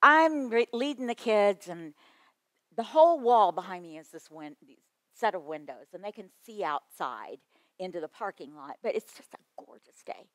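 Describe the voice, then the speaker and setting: A middle-aged woman giving a storytelling talk to children's ministry teachers, lively, with quick asides and chuckles. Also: mid-range voice, dry recording. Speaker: children's ministry workshop speaker.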